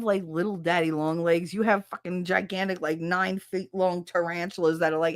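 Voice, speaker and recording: A middle-aged New woman hosts a loose, chatty show, laughing a lot and cursing without a second thought. Her voice sits on the low side, recorded dry and close with no room sound. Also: normal speed, hardly any pauses, no echo. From North Jersey. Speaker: podcast host. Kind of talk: casual chat reading live comments.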